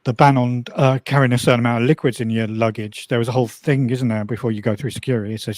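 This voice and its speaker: A man of middle pitch tells lively, profane stories in a relaxed group chat. His voice sounds close and dry, with no room around it. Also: fast talker, few pauses, dry recording. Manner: animated, swearing storyteller. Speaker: regular chat guest.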